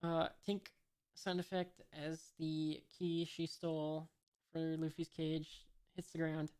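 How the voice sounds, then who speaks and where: A woman reading a comic aloud in a casual way. She pauses often on filler sounds, reads out the sound effects and describes each panel. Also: low voice, flat delivery, darkish tone, smooth. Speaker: reader of a comic. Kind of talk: casual comic read-along.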